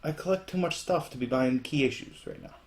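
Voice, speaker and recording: A man co-hosting a podcast, chatting casually and teasing his co-host with quick restarts. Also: fairly high pitch. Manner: joking, teasing banter with restarts. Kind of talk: casual chat.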